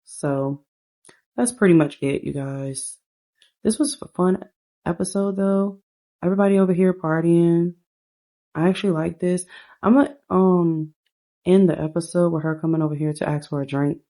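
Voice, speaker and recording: A woman's voice: on the low side, fairly even intonation, moderate pace, pauses often, warm tone. A woman casually narrating a life-sim game story, chatting to viewers with fillers along the way. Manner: chatty, addresses viewers as "you guys".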